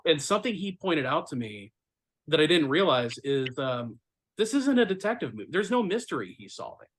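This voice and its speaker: A man's voice: a little high, moderate pace, poor audio. A man co-hosting a film podcast, analytical, sharing what a professor taught him, with frequent ums. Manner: animated, analytical, many fillers. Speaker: podcast co-host. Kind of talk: casual movie discussion.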